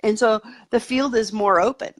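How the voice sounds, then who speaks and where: Eager and talkative, this female interview guest goes on at length in a relaxed chat, peppering her speech with "like" and "you know." She speaks at a normal speed in a fairly high voice.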